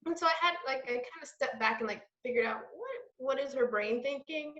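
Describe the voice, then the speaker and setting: A woman's voice: high-pitched, lively intonation, fairly quick, a bit bright. Woman, voice actress, casual podcast chat, bubbly, laughs often, echoey lo-fi recording. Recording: echoey room, dull lo-fi sound.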